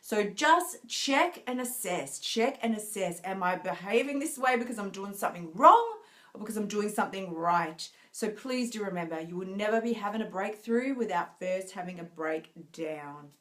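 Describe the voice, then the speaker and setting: A woman's voice: mid-range voice, moderate pace. Earnest, encouraging woman coach. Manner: earnest, encouraging, lively with frequent "right?" and laughs. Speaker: binge eating coach. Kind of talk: live video talk to viewers.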